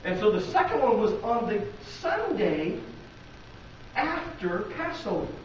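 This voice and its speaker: Unhurried and with big pitch swings, a high-voiced Midwestern American pastor preaches to his church, conversational in tone and full of rhetorical questions for the congregation. Slight background noise sits under a very echoey, distant, dull lo-fi recording.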